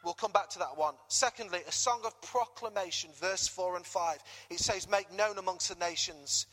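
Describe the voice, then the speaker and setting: Lively British preacher in a reverberant hall. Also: male voice, sits high, normal speed. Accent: British English. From Britain. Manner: lively, jokey, rises loud on key words. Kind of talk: sermon. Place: church hall.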